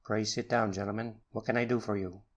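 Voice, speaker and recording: A man's voice: steady tone, a little fast. A man voicing an irascible elderly professor in an audiobook, stiff, cold and suspicious. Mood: courteous. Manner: stiff and haughty, rising to high screaming rage. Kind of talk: audiobook character reading.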